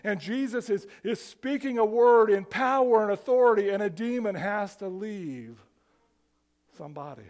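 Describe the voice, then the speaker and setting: High-voiced man preaching a conversational sermon. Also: moderate pace. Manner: animated, conversational preaching with repeated restarts. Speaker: pastor.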